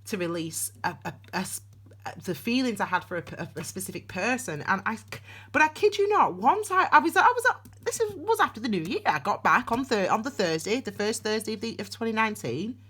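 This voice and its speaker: A woman's voice: a little high, big pitch swings, moderate pace, fairly bright tone, husky. A woman giving a casual, rambling tarot reading, with frequent restarts and asides. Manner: chatty, rambling, with many restarts and voiced asides. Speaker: tarot reader.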